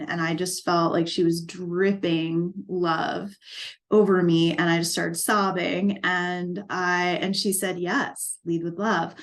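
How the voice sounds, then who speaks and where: A middle-aged woman speaks in a slightly low voice. She tells her own story for a documentary interview, earnest and reflective, with feeling close to the surface. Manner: earnest, reflective, emotionally moved. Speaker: equine life coach.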